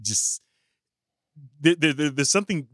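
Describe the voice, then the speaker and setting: A man co-hosting a podcast, talking about films casually with halting restarts and frequent laughs. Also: fairly high pitch, lively intonation, dry recording, studio quality. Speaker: podcast co-host. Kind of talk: casual film discussion.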